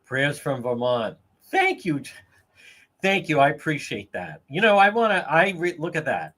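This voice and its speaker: A man's voice: a little high, measured pace. A man hosting a livestream, telling stories in a casual, profane, laughing way. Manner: profane, laughing, animated storytelling. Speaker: livestream host.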